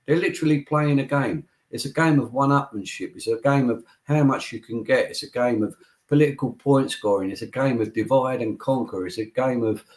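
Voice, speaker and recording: A man's voice: medium pitch, a little fast, a little mellow. A man as a guest in a political interview, emphatic and repeating his points like a speech.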